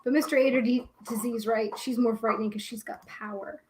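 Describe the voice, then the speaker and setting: Co-host, female, slightly higher voice, easy chatty banter, quick to laugh. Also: steady tone, darkish tone, a little hiss or hum. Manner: chatty, laughs often, reads out viewer comments. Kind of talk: casual live-stream chat.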